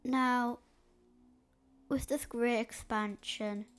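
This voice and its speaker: Slow, stuffy-nosed woman narrating a map. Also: on the high side, steady tone, faint music behind. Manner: hesitant, slow, with frequent fillers. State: stuffy, snotty nose. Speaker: map video creator.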